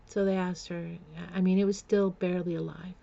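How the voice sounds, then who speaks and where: Woman with a gravelly fry in her voice, stop-start storytelling, muffled lo-fi sound. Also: fairly low pitch, flat delivery, warm tone. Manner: halting, with many fillers and restarts; emotional, close to tears at times. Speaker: vlogger. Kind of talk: personal storytelling.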